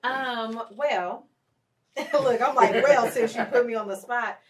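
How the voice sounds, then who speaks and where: A woman co-hosts a podcast in relaxed, playful chat. She laughs easily and drifts into quick asides. Her voice sits a little back from the microphone. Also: fairly high pitch, distant mic, slight background noise. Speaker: podcast co-host. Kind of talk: casual chat.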